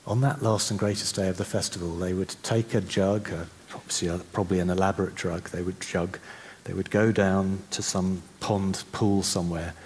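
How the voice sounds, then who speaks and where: Deep-voiced male preacher, conversational sermon delivery, faint background noise. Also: fairly even intonation. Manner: conversational, with restarts, slowing to soft reflective passages.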